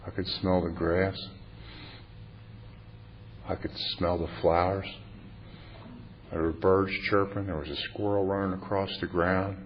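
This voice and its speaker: Fifties man, low-ish voice, self-mocking confessional speaker, muffled old tape. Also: flat delivery, unhurried, pauses often. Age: 50s. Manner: wry, plainspoken, self-mocking. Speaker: recovery meeting speaker. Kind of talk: humorous confessional storytelling. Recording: muffled lo-fi tape with faint hiss.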